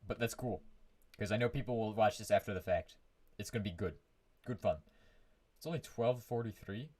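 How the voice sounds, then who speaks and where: A man's voice: lowish voice, brisk, warm tone. Rambling man streaming a game. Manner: rambling, hums to himself, frequent restarts. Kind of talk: casual live gameplay commentary. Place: his own room.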